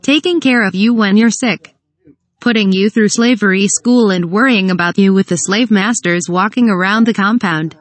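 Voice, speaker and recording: A synthetic-sounding woman's voice voicing an exasperated, sharp-tongued mother scolding her son, read flatly. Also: mid-range voice, moderate pace, dry recording, lightly acted.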